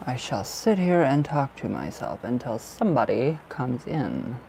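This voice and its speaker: A drowsy man chats with his viewers at an ordinary pitch, laughing often and letting sentences trail away. He sounds worn out, and faint ambient noise hums under his voice. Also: big pitch swings, a little slow, vocal fry, mellow. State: tired and drowsy. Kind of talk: casual chat with viewers.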